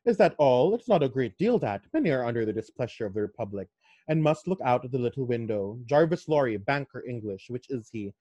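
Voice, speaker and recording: Guy reading a curt checkpoint officer checking papers, mid-pitched voice, dry sound. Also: very animated, a little fast, dark tone, no echo, highs cut off. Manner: curt, questioning.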